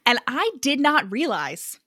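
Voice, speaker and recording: American woman, podcast co-host, casual chat, bright tone, dry close sound. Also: sits high, sing-song, a little slow, no echo. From United States. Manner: chatty, swearing, laughs often.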